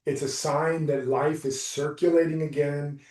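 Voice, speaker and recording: A man coaching someone through a live session, talking in a soft, reassuring, unhurried way. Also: on the high side, flat delivery. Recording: roomy, distant from the mic.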